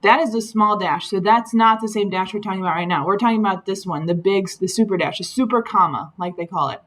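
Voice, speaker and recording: A woman's voice: mid-range voice, quick pace, a bit bright, rough recording. Patient woman teacher explaining slides. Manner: patient, explanatory, with frequent ums. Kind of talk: recorded slide lesson.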